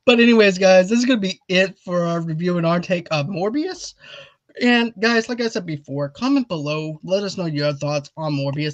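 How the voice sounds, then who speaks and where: A man's voice: sits high, fairly quick, no echo. A man hosting a casual movie review chat, rambling eagerly and urging viewers to comment. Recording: dull lo-fi audio.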